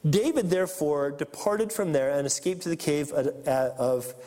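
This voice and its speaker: Preaching at a moderate pace, a high-voiced pastor reads scripture and brings the story's people to life with animated energy. His words echo through a long hall reverb.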